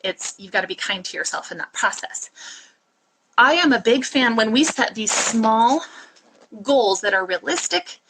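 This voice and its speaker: A woman's voice: fairly high pitch, expressive, measured pace, noisy background. A woman coach talking earnestly and emphatically to her listeners in a solo podcast monologue. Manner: earnest, emphatic coaching talk with pep-talk asides. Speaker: fat-loss and mindset coach.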